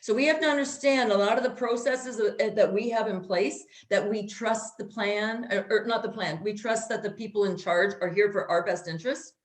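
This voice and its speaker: A woman's voice: mid-range voice, normal speed, hardly any pauses. Blunt, swearing woman ranting in an echoey room. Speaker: co-host. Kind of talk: casual chat.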